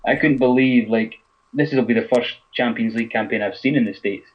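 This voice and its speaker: A man's voice: mid-range voice, fairly even intonation. A man with a Scottish accent, a guest football writer talking in casual podcast chat, rambling with lots of fillers. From Scotland. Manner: fast, rambling, lots of "you know". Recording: muffled lo-fi podcast audio.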